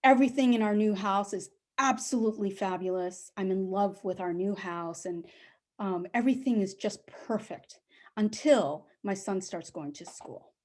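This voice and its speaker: A middle-aged woman telling a personal story on a live stage, animated and acting out the people she quotes. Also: moderate pace. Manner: animated, acts out quoted voices with big pitch jumps.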